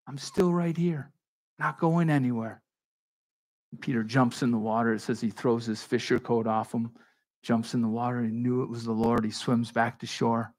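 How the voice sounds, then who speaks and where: A man preaching a sermon in a conversational, animated way, acting out the dialogue of Bible figures. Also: mid-range voice, moderate pace. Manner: conversational with frequent restarts and asides. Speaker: pastor.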